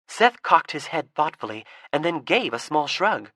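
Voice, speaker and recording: Woman audiobook narrator, animated, bright, slightly husky, dry close recording. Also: deep voice, normal speed, few pauses, no room sound. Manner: lively, expressive reading. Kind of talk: storybook narration.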